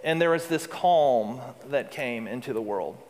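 This male pastor's sermon is earnest, swelling toward forceful high points built on repetition. He speaks a little slowly at medium pitch, with lively intonation and a somewhat dark timbre, and a long reverb fills the hall.

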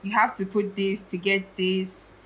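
A young woman talks through her thoughts on a podcast, musing and reflective as she weighs each point. Her voice sits at a middle pitch for a woman, and her delivery stays casual and conversational. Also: little pitch movement, measured pace, husky, low-quality recording. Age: young adult. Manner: reflective, musing, thinks aloud. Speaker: guest musician.

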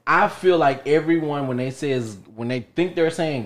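A man's voice: mid-range voice, normal speed. Teasing man steering podcast chat. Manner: teasing, repeats himself while steering the talk. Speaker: podcast co-host. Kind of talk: casual podcast banter.

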